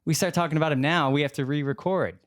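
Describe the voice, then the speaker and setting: A man's voice: a little high, fast talker, no echo, clean studio sound. A man co-hosting a casual podcast, rambling and joking with mumbled asides. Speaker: podcast co-host.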